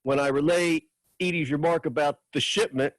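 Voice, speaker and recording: A man reading a chapter of his own novel aloud at a writers' open mic, in steady, measured first-person narration. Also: fairly high pitch, no room sound.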